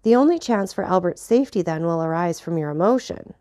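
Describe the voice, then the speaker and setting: A woman's voice: lowish voice, animated, fairly quick, dark tone, no room sound, studio quality, lightly acted. A woman voicing an anxious, earnest young soldier who pleads with his friend.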